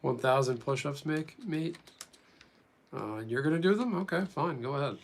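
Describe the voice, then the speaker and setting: A man's voice: mid-range voice, animated, fairly quick, vocal fry, a little hiss or hum. A man chatting casually with viewers during a live stream, rambling as he reads and answers them.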